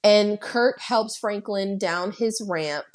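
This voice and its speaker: A woman's voice: mid-range voice, slow pace. A woman walks through a film's story scene by scene, taking her time over each beat. She talks casually and bluntly, dropping swear words as she goes. Her voice sits in an ordinary middle range. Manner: blunt and profane, with laughter. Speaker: podcast host. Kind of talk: casual plot recap.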